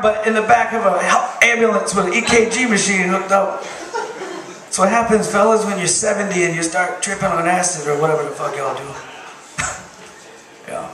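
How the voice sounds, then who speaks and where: A man doing a stand-up comedy set of profane deadpan one-liners in a bar. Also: sits high, normal speed. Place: bar stage with crowd. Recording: roomy distant bar recording with crowd. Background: audience laughter.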